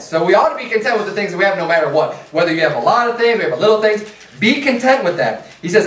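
A man's voice: high voice, animated, quick pace. A man preaching a conversational sermon, casual and full of rhetorical asides. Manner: casual, repeats rhetorical "right?" and "hey". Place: church sanctuary. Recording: echoey church from a distance.

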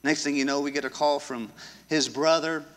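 Pastor, male, high and bright, punchy storytelling sermon in a reverberant sanctuary. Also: steady tone, moderate pace. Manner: emphatic storytelling preacher. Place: church sanctuary. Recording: echoey church hall.

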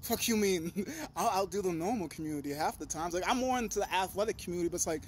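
A young man with a notably high voice talks straight into the camera in a loose, rambling vlog. He swears freely, jumps from one thought to the next and gets animated as he goes. A faint background hum sits under his voice. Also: fast. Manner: profane, animated, digressive; talks in a high sing-song to his dog. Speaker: vlogger. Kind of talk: rambling casual monologue.

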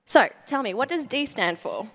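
A young adult woman giving a motivational talk to a live audience, telling a story in an animated way, acting out her own remembered words and asking the audience questions. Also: on the high side, moderate pace. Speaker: motivational speaker.

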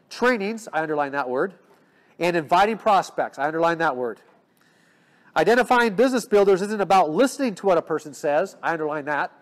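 A man giving an energetic business training talk, coaching his audience with frequent rhetorical check-ins. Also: sits high. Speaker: sales trainer.

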